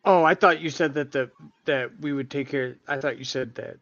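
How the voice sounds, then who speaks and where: A man's voice: medium pitch, normal speed, fairly bright tone. A man playing a tabletop game, hesitant and stammering as he talks. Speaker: player. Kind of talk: tabletop role-play. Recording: muffled lo-fi recording.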